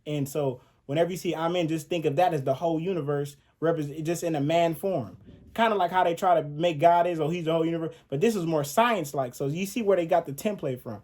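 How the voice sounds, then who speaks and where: Slangy young man, mellow voice. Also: on the high side, brisk. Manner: loose slang-filled talk with restarts. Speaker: channel host. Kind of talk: casual talk over pictures.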